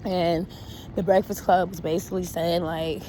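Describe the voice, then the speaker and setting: A woman chatting casually on a walk outdoors, reacting to an interview with animated, blunt talk, laughter and swearing. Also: on the low side, moderate pace, background noise. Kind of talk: casual chat.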